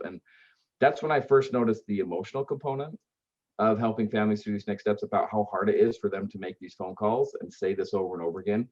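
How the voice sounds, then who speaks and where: A man's voice: fairly low pitch, fast talker, darkish tone. A man being interviewed on a podcast, telling earnest stories about helping grieving families, with many fillers and restarts. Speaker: guest, aftercare service founder. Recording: dull lo-fi sound.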